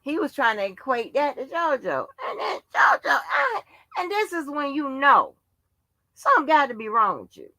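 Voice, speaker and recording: A woman's voice: sits high, huge pitch swings, moderate pace, pushed and bright, no echo. A woman hosting a livestream, ranting in a casual monologue full of profanity and exasperated rhetorical questions. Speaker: livestream host.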